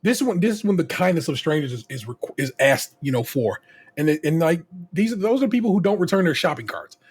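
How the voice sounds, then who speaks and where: Man, husky voice, podcast co-host, casual profane rant, animated, restarts often. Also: fairly high pitch, quick pace. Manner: profane, ranting, lots of restarts; animated, voices others in quotes.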